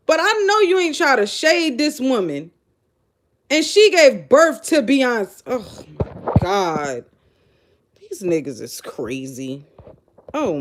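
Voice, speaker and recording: A woman hosting a show, giving blunt, animated, incredulous reaction commentary straight to her audience. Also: high-pitched. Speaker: show host. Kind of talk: casual live reaction commentary.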